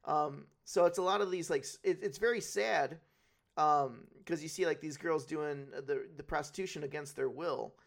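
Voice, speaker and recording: Gravelly, higher-pitched man chatting. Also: normal speed. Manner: rambling, swears freely, retells scenes. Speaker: podcast co-host. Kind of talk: casual podcast chat.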